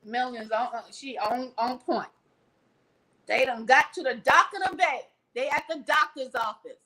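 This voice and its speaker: Woman vlogger, high bright voice, slow and dramatic, preachy livestream rant. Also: low-quality recording. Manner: theatrical, preachy, acts out scenes with props. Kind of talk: animated livestream talk.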